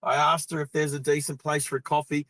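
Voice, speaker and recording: A man's voice: a little high, level tone, fast, pushed and bright, no echo. A middle-aged Australian man hosting a live driving vlog, telling stories in a loose, chatty way and laughing easily. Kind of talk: casual storytelling while driving. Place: in a car on the road.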